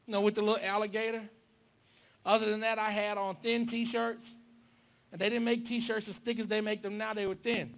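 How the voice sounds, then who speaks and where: In a church sanctuary, a man with a voice that sits high for a man preaches a storytelling sermon into a handheld or stand microphone. He is conversational and humorous, trading stories and jokes with the congregation he addresses, and the recording is muffled and lo-fi.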